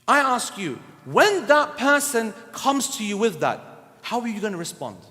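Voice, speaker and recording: A man's voice: high-pitched, sing-song, moderate pace, fairly bright tone. A man giving a blunt, humorous, scolding religious lecture, recorded in a reverberant hall. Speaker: Islamic lecturer. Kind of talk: sermon lecture.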